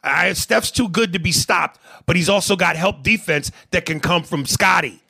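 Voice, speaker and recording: A man's voice: high voice, moderate pace, vocal fry, bright, forceful tone, slightly rough, no echo, clean studio sound. A man hosting a podcast, reading listener messages aloud and arguing basketball in blunt, profane casual chat. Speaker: podcast host.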